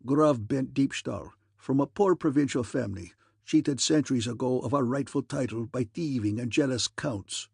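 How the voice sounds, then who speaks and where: A man voicing a swaggering con man who poses as a gruff nobleman, growling in a thick put-on accent. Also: mid-range voice, normal speed, hardly any pauses, no echo, clean studio sound. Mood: boastful.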